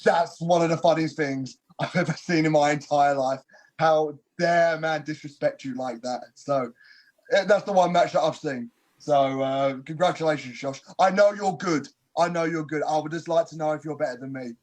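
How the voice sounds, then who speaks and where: A man's voice: a little high, moderate pace. A man answering interview questions casually, cocky and joking, with slangy talk. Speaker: wrestler, interview guest. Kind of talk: casual press call answers.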